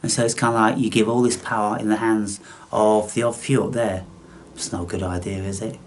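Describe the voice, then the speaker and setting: A man's voice: fairly low pitch, level tone, a little fast, slight background noise. A man delivering an angry, contemptuous, profane monologue as the host of his own channel.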